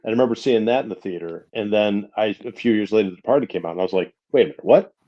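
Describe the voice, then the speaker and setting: A man's voice: fairly low pitch, very fast, dull audio. A man co-hosting a podcast in casual chat, rambling and searching for words.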